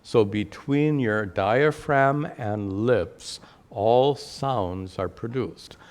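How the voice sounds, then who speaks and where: A man teaching a scripture class, explaining slowly and deliberately and repeating key phrases. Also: lowish voice, darkish tone. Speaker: spiritual teacher. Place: temple classroom with altar.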